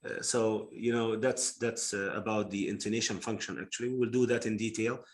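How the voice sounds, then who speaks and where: A male phonetics teacher explaining slowly to a class, with many fillers and repeated words. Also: on the low side, little pitch movement. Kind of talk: live online class teaching.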